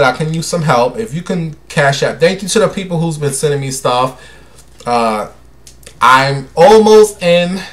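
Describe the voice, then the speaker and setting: A young man hosting his own show, chatting casually and dramatically, calling listeners honey and baby. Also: fairly high pitch. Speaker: host. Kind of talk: casual solo chat.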